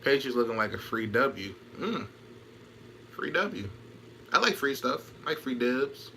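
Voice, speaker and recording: A man's voice: medium pitch, sharp tone, a little hiss or hum. A man in casual chat on a stream, trash-talking, laughing and repeating himself while answering comments.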